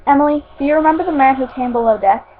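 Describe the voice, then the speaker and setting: A woman's voice: sits high, very fast, voice pushed up, lightly acted. A woman reading as a stern pirate father. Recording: tinny phone-like recording.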